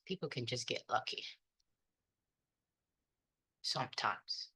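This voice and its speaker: Low, forceful woman with mixed accent. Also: animated, takes it slowly. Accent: mixed African, British and American. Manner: chatty, talks to herself, swears freely. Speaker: day trader. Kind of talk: casual self-talk during a trading session.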